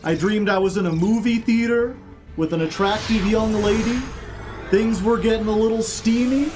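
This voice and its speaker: High-voiced man streaming and joking. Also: moderate pace, over music. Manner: rambling, joking, laughs often. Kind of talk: casual chat while playing a card game.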